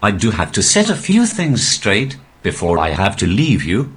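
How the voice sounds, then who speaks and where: A male stand-up comedian talking through a posh, robotic text-to-speech voice with a deadpan, even delivery. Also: on the low side, normal speed, background noise. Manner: deadpan, evenly paced delivery. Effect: synthetic text-to-speech voice. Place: live comedy venue.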